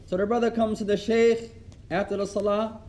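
A man teaching a religious class, telling stories with animated delivery and repeating lines for emphasis. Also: high voice, brisk. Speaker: Islamic studies teacher. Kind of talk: religious class lesson with storytelling.

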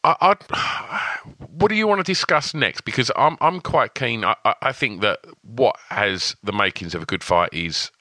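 A man's voice: mid-range voice, expressive, moderate pace, few pauses, pushed and bright, no echo. A man co-hosting a podcast in loose, rambling casual chat. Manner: loose, rambling, with many fillers. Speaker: podcast co-host.

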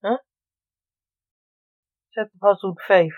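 Slow, low-voiced woman narrating a story. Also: fairly even intonation, dry recording, phone-quality sound.

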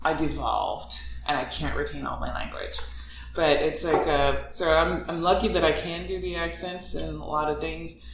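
A voice actress chatting casually on a podcast, playful and laughing often. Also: female voice, low voice, normal speed. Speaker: voice actor. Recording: roomy echo, distant mic, faint hiss.

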